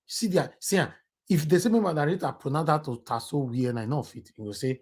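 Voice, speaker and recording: Nigerian man, live-stream talk host, animated and teasing, mixes Pidgin with English. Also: a little high, brisk, slightly rough. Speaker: host of a live online political talk show. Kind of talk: live stream chat with callers.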